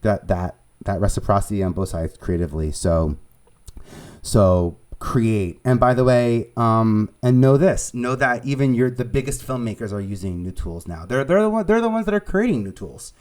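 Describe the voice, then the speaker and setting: A man with a New York accent, a producer and casting director, chatting as an interview guest in an animated way, laughing easily and restarting his sentences. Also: on the low side, moderate pace. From Staten Island, New York. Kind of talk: conversational storytelling.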